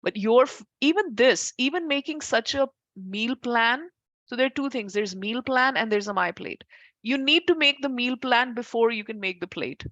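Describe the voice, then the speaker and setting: A woman's voice: a little high, animated, normal speed, no echo, dull audio. A woman teaching a class as an instructor, talking informally, often correcting herself mid-sentence and making asides to her students. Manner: chatty, self-correcting, warm asides to students. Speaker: Ayurveda instructor.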